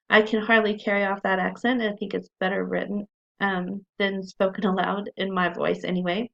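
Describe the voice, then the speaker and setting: A woman's voice: medium pitch, flat delivery, normal speed, vocal fry, a bit bright. A woman teaching a recorded writing class, explaining in a friendly way with frequent ums, on a dull lo-fi recording.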